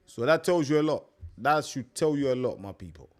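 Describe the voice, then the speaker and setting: A man's voice: medium pitch, lively intonation, a little fast. A young man hosting a live stream, chatting casually and repeating himself, calling his listeners mate. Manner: chatty, repetitive, peppers talk with "mate".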